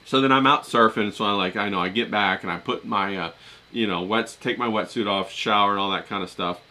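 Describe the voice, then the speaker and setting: A man's voice: lowish voice, a little fast, pushed and bright. A middle-aged man who talks in a chatty, rambling way, telling a story casually to his viewers with many fillers and restarts. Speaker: vlogger talking to his live chat.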